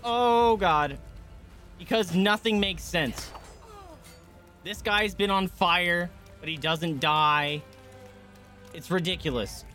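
A man's voice: high voice, slow, long pauses, sharp tone. A male streamer giving live gameplay commentary, ranting and swearing in frustration. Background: faint game music.

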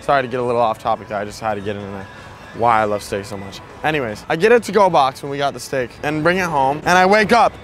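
A young man hosting a vlog in casual chat, loud and crude, laughing often. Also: mid-range voice, quick pace. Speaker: vlogger host. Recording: noisy outdoor street sound.

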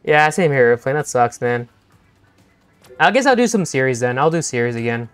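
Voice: medium pitch, sing-song, moderate pace, clear, resonant tone, dry recording, soft background music. A young-adult game streamer chatting playfully with viewers during a live session, laughing often and teasing the chat.

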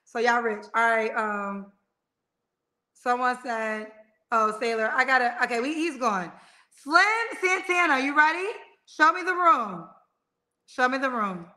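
Woman, livestream host, high pitch, bright tone, blunt and animated. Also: unhurried. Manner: loud, blunt and animated storytelling. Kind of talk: casual live-stream chat.

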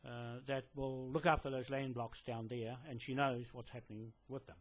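A land claimant talks to camera for a police detective, indoors in a building. His voice is mid-range and level in tone at a normal speed. The delivery rambles, full of fillers and false starts, and comes across as insistent and preachy.

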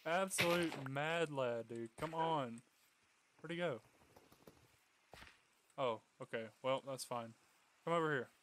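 A young man giving casual gameplay commentary, coaxing and pleading with his in-game pet, then bursting into excited yells. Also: medium pitch, slow, pauses often, slight background noise. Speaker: gaming YouTuber.

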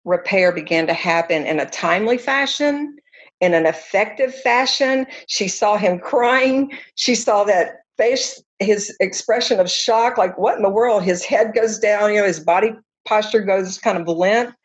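An earnest woman counselor explains at an even pitch, telling her examples with animated emphasis. The sound is a little dull and lo-fi, like a remote recording. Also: a little slow. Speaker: counselor guest. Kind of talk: conversational explanation.

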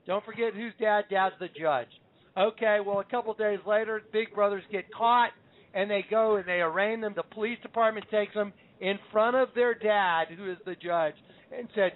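High-voiced man on a phone line. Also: normal speed. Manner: storytelling, emphatic, acts out quotes. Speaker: show host. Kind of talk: Bible teaching on a call-in show.

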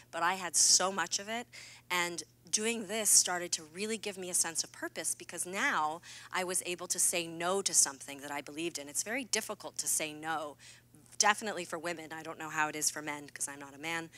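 Bright-toned woman, earnest keynote storyteller. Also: fairly low pitch. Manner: earnest and confiding, with playful asides. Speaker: keynote speaker. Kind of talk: candid personal storytelling talk. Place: stage at a fireside keynote event.

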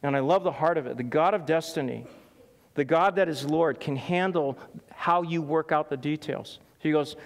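A middle-aged pastor preaches a sermon full of animated stories, laughing and acting out the quotes. His voice is on the high side at a normal pace, and a long hall reverb surrounds the recording.

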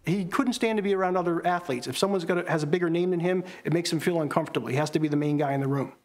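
A man from Maryland telling animated family anecdotes in a documentary interview, often mimicking his father's lines. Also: on the high side, racing. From Maryland, USA. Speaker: interviewee, son of the subject.

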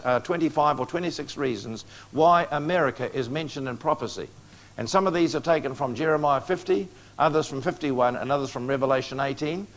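A man preaching a prophecy lecture to a live audience, coaxing responses with questions and joking asides. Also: on the high side.

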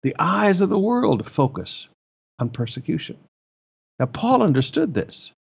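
A male pastor preaching a sermon, emphatic, with repeated phrases and sudden rises in pitch. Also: big pitch swings, unhurried, creaky, husky, highs cut off.

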